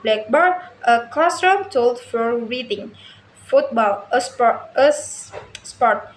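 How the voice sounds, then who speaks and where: Slow high-voiced woman reading a lesson. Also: animated. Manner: slow careful reading with frequent stumbles and restarts. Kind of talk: reading a lesson text aloud. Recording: echoey room with faint ambient noise.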